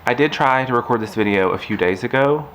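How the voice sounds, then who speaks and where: A man's voice: mid-range voice, fairly quick, fairly bright tone, a little hiss or hum. A man talking casually to camera in a craft vlog, rambling and chatty, turning aside to talk to his puppy. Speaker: craft vlogger. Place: indoors at home.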